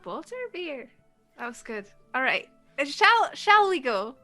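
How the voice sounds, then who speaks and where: Woman playing a calm, teasing schoolboy. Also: high-pitched, unhurried, soft background music, full character voice. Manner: dry, teasing. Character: calm, teasing young male student.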